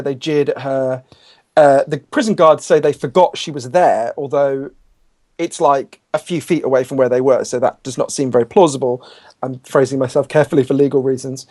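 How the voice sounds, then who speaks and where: A man's voice: on the high side, a little mellow. A man in his thirties with a cold, speaking as an author guest in a candid, passionate interview. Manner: passionate, candid, with frequent restarts. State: has a cold. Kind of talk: conversational interview.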